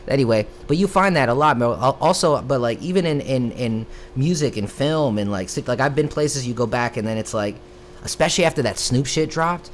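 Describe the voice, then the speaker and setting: A young man from Florida, a rapper hosting a live stream, telling stories in casual chat with a lively, profane delivery. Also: mid-range voice, a little hiss or hum. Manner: animated, profane, drawn-out "bro" asides.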